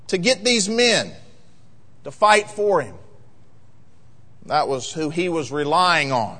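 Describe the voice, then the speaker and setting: A man preaching a sermon as pastor, emphatic and rising to loud peaks in a church sanctuary. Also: a little high, big pitch swings, a little slow, long pauses. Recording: long reverb of a large hall.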